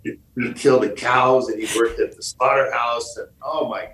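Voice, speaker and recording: A man's voice: mid-range voice, fairly even intonation, moderate pace, fairly bright tone, reverberant, distant mic, low-quality recording. A man from Michigan, a guest on a podcast interview, telling stories in a jokey way and acting out the lines he quotes. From Michigan, USA.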